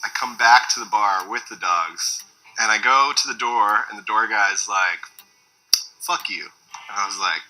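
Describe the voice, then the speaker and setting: A man telling a casual anecdote, animated and acting out the voices of the people in it. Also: lowish voice, rough recording. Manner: animated, acts out quoted voices. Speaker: storyteller in a documentary.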